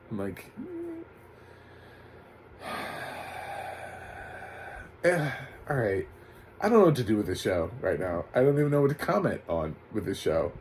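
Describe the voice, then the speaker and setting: A man with a fairly low voice recaps a TV episode in a loose, rambling way and keeps tossing in sarcastic jabs. A faint hum sits underneath his voice. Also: darkish tone, poor audio. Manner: sarcastic, rambling, laughs often. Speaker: TV recap reviewer. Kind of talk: casual spoken review.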